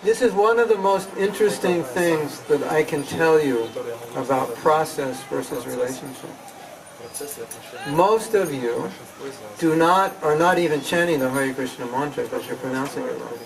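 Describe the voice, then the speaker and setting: Recorded roughly from a distance with a crowd audible, a man with a somewhat high, gravelly voice leads a chanting seminar at a moderate pace. He lectures his live audience conversationally, posing rhetorical questions, imitating questioners, and mimicking how people pronounce words.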